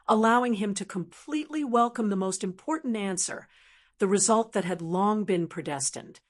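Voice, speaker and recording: Woman reading a fantasy audiobook. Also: mid-range voice. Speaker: audiobook narrator. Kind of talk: scripted narration.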